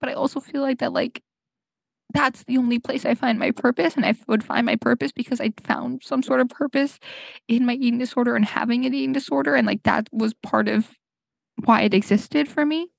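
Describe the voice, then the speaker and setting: Tearful young woman with a gravelly voice. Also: on the high side, fairly even intonation, no echo. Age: young adult. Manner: halting, full of fillers and restarts. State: crying. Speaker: podcast host. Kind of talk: tearful personal monologue. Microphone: home podcast mic.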